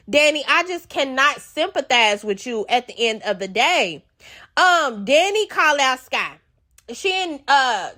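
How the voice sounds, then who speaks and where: Brash high-voiced woman recapping reality TV. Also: sharp tone. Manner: brash, blunt and heavily profane, scolding the cast; sassy, drawn-out asides to the viewer. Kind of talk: casual recap commentary.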